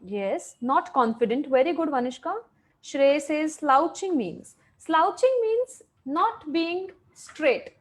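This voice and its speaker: Brief: a high-pitched woman, an animated teacher who quizzes the kids and praises them, heard over a video call. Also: takes it slowly. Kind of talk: online class for children.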